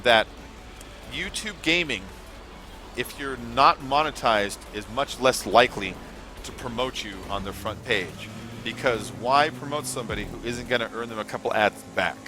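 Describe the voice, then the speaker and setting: A man's voice: mid-range voice, sharp tone. A man chatting casually on his live gaming stream, rambling and swearing now and then, with music playing behind him. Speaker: gaming livestreamer.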